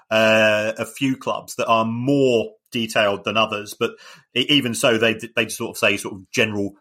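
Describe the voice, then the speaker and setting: A man co-hosting a podcast, explaining club finances in a measured way with frequent restarts. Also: mid-range voice, pushed and bright. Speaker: football finance expert co-host. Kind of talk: casual chat.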